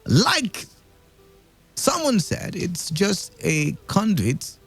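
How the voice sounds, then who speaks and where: Animated Nigerian man hosting call-in radio. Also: high voice, extremely slow, slightly rough, faint music behind. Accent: Nigerian English. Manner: animated, laughing, thinking aloud with frequent fillers. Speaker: radio talk show host.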